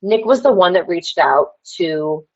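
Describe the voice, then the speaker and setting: A woman's voice: lowish voice, expressive, unhurried, lo-fi sound. A woman telling a rambling story on a livestream and calling out to the chat. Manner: rambling, addresses the chat directly. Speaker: livestream guest. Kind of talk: casual livestream rant.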